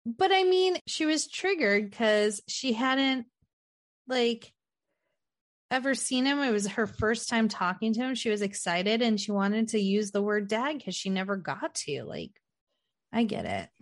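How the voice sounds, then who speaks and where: A young woman co-hosting a casual movie recap, telling the plot in a lively way and acting out the characters' lines. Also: a little high, measured pace, dry recording. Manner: animated retelling, acts out character lines. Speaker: podcast co-host.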